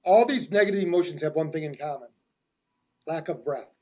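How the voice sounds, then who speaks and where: A middle-aged man with a high voice hosts a casual podcast chat. He explains with enthusiasm, running one thought into the next. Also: brisk, dark tone. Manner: enthusiastic, explanatory, talks in long run-on thoughts. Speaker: host, hypnotherapist.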